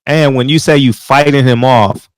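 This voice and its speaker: A man interviewing a guest, asking halting questions full of restarts and murmuring soft agreement while she talks. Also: medium pitch, no room sound.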